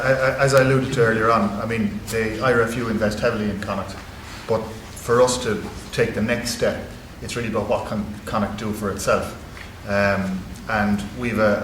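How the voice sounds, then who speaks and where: Low, level-voiced Irish man on a panel. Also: a bit bright. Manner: earnest, with many fillers and restarts. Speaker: rugby club executive on a panel. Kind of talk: conference panel answer. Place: university conference hall. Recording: echoey hall with background noise.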